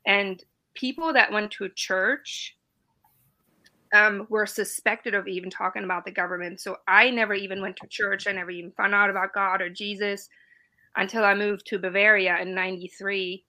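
A woman's voice: medium pitch, normal speed, low-quality recording. A woman in her forties, from East Germany and, telling stories in a casual talk as a guest veteran. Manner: storytelling, laughs often, animated. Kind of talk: casual chat on a live stream.

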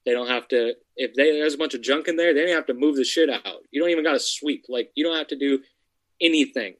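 A man's voice: medium pitch, quick pace, rough recording. A man speaks in a blunt, loose conversational way, swearing freely as he explains his business. His talk is casual and direct. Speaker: real estate investor. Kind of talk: casual podcast chat.

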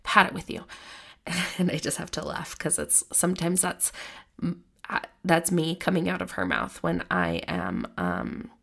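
A woman's voice: low-pitched, animated, a little slow, gravelly. A woman in her thirties hosting a podcast, talking casually and self-deprecatingly, with many restarts. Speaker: podcast host.

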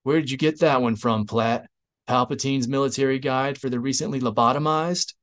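A man voicing a sardonic male rebel fighter who shouts sarcastic lines over a battle. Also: mid-range voice, fairly even intonation, normal speed, natural voice.

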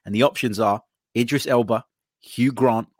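A man's voice: medium pitch, steady tone, normal speed, dry recording, studio quality. A man hosting a betting podcast, reading out listener entries in an easygoing way. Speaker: podcast host.

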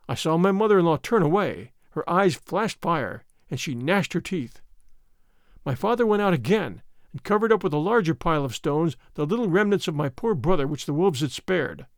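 A man narrating a classic tale as an audiobook reading, in an expressive, dramatic manner. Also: on the high side, normal speed, dry recording, studio quality.

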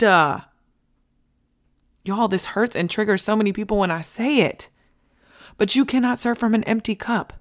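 A woman's voice: medium pitch, steady tone, moderate pace. Blunt, emphatic woman podcast host. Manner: emphatic, blunt, casual with swearing; repeats key points for emphasis. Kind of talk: candid motivational podcast talk.

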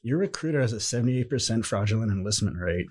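A man's voice: fairly low pitch, fast talker, breathy edge. A young man casually telling a story, acting out the quotes as he goes. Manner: animated anecdotes with acted-out quotes. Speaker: podcast guest, former Marine.

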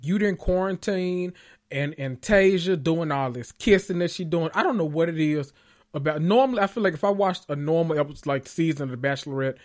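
A man's voice: a little high, a little fast. Sassy profane man recapping reality TV. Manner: rambling, sassy, laughs at his own jokes. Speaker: host of a reality TV recap show. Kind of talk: casual profane commentary.

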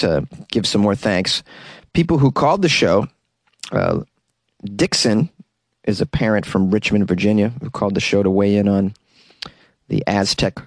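A man's voice: medium pitch, no room sound. A man hosting his own comedy podcast, talking solo in a wry, rambling way and laughing at his own jokes, recorded in a small closet. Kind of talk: casual solo podcast monologue.

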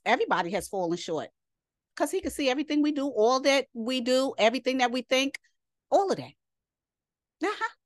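A woman's voice: a little high, dry recording, clean studio sound. A woman leading a Sabbath Bible lesson, reading verses aloud and breaking off to comment in an emphatic, scolding, rhetorical way. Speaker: Bible study teacher.

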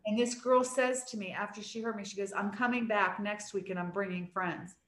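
A woman's voice: medium pitch, steady tone, fairly quick, fairly bright tone. A woman in her sixties, a preacher, telling stories in a casual chat in an earnest, emphatic way. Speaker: preacher and podcast guest. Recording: roomy echo.

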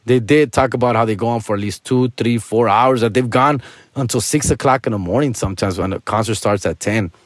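A man's voice: mid-range voice, a little fast, dry recording, clean studio sound. A male stand-up comedian telling a personal story to listeners in a casual, candid way, full of street slang. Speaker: stand-up comedian, podcast host.

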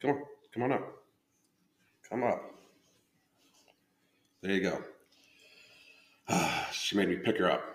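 A man's voice: low-pitched, expressive, takes it slowly, long pauses, slight background noise. A man hosting a casual live stream about his coaching, loose and profane, breaking off and restarting his sentences. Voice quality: loose, profane, self-interrupting talk. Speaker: podcast host and fitness coach. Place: indoor room at home. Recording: roomy echo.

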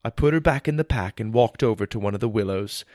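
A man narrating a children's fantasy story in the first person, with an expressive, wonder-filled delivery. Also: on the low side, fast, no echo.

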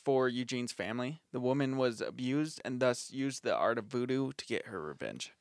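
A man's voice: medium pitch, animated, moderate pace, dry recording, clean studio sound. A man co-hosting a casual podcast, reading facts from his notes and laughing often with his friends. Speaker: podcast co-host.

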